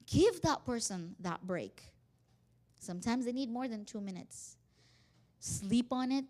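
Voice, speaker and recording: A woman giving a workshop talk on family communication, animated and acting out quoted dialogue. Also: on the high side, moderate pace. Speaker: workshop speaker. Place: community center hall.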